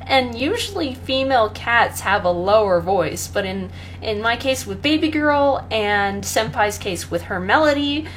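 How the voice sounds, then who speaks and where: A young woman chatting casually about her pets, rambling with many pauses and fillers and often breaking into laughter. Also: fairly high pitch, animated, a bit bright, slight background noise. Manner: rambling, full of ums and laughs, talks to her cat. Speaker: pet owner vlogger. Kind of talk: casual chat.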